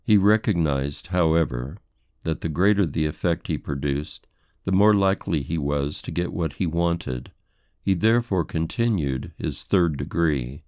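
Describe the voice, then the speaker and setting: A man narrating an audiobook with steady, even storytelling. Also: deep voice, unhurried, clear, resonant tone, no room sound, studio quality. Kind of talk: scripted narration.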